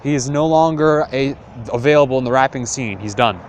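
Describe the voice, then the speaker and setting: A man's voice: mid-range voice, a little fast, slight background noise. A young man retelling a classic tale in casual, profane slang, rambling with lots of fillers.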